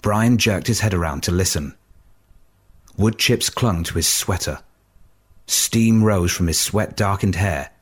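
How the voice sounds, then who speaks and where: A man narrates a dark adventure story in a low, husky voice. He reads slowly and steadily, letting each line settle. It is a measured audiobook delivery.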